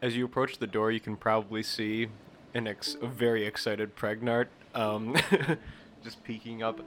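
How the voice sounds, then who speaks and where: A man's voice: fairly low pitch, little pitch movement, moderate pace, a bit bright, a little hiss or hum. A man narrating a tabletop game as game master, describing scenes hesitantly with chuckles.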